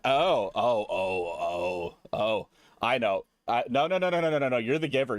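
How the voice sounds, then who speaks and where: A man streaming live, chatting casually with viewers in a profane, rambling, jokey way, now and then breaking into loud mock rants. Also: mid-range voice, animated, normal speed, no room sound, studio quality.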